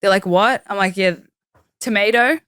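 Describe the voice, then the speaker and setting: A young woman with an Australian accent talks casually in an interview, her sentences full of "like" fillers. Her voice sits a little low. The sound is dry and close, with no room echo. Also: normal speed, fairly bright tone. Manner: chatty, uses many "like" fillers. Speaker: professional wrestler, guest. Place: studio.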